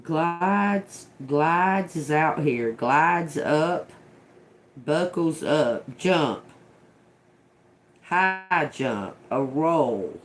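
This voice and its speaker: A middle-aged tarot reader livestreams a casual channeled reading, unhurried and low-voiced yet lively in intonation. She swears freely, giggles to herself and wanders between muttered single words and rambling asides, with a faint hum beneath.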